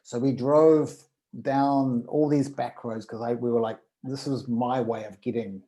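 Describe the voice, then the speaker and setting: A man, a podcast guest, telling a personal story in casual conversation and acting out the dialogue with lively energy. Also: mid-range voice, measured pace, rough recording.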